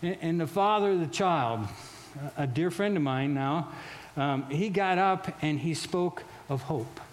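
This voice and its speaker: High-pitched guy preaching, gets loud and worked up, repeats himself a lot, then goes quiet and soft on the sad parts. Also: slight background noise. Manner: animated and emphatic, often repeating words and restarting phrases; drops to a quieter, slower tone for solemn stories. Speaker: pastor. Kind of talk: sermon.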